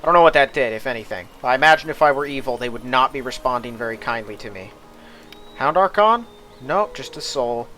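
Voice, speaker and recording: Male gameplay host, mid-pitched voice, casual and wry, faint music behind. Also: expressive, fairly quick, bright, forceful tone. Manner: casual, wry asides, reads game text aloud. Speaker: let's play host.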